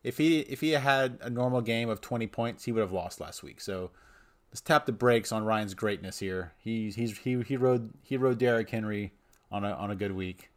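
Guy venting on a podcast, bit low voice, keeps laughing at how annoyed he is. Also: moderate pace. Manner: frustrated ranting, laughs at himself. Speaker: podcast co-host. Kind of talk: casual podcast banter.

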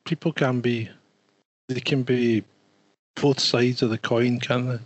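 A Scottish man in a casual podcast chat, a relaxed storyteller. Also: medium pitch, measured pace, rough recording.

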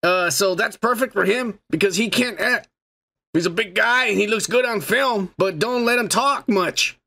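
A young man co-hosting a podcast, talking crudely and boastfully in a casual drunk chat with a raspy voice. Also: sits high, normal speed, pushed and bright. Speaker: podcast co-host.

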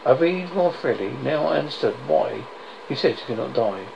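A man reading a horror story aloud as a storyteller, in a measured way with stumbles and restarts. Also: medium pitch, vocal fry. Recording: dull lo-fi noisy recording.

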